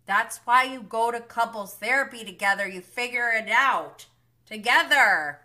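A woman hosts a live TV recap in a casual, animated way, peppering her talk with "like". Her voice is bright and sharp-edged, and she sounds openly indignant as she comments. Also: a little high, unhurried. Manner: animated, indignant, frequent filler "like". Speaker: recap show host.

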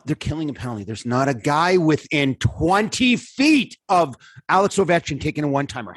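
A man with a husky, slightly breathy voice, caught up in a casual sports rant. He sounds exasperated and swears freely, and his pitch shoots up when he gets fired up. The sound is dry and close. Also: sing-song, a little fast, dry recording. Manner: exasperated rants, swearing, voice jumping high when worked up. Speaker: podcast co-host.

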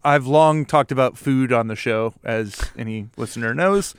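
A man's voice: mid-range voice, normal speed, clean tone, no echo. A man hosting a podcast, bantering in a dry, sarcastic way as he introduces his guests. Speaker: podcast host. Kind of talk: casual podcast chat.

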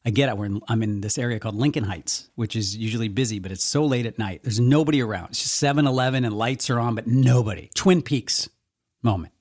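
A man from Eastern Washington co-hosting a podcast, telling stories in animated casual chat and swearing freely. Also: mid-range voice, fast talker. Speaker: podcast co-host.

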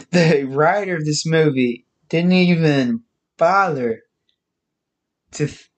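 A man giving a casual, halting spoken movie review, listing facts with frequent restarts. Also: mid-range voice.

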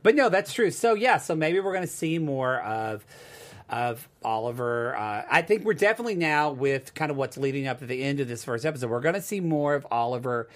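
A man co-hosting a casual TV recap chat, rambling and animated, slipping into quoted voices. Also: mid-range voice, fairly quick. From United States. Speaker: co-host.

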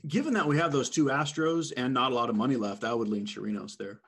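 A man giving measured fantasy sports advice in a casual chat, with a dry sense of humor. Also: mid-range voice, a bit bright, husky. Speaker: fantasy sports analyst guest.

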